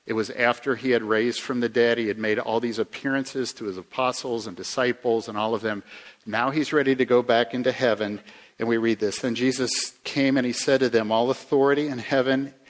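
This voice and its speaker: A man preaching a sermon in a conversational way, asking the listeners questions and swinging from emphatic rises to quiet low asides. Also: fairly even intonation, fairly quick. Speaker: pastor.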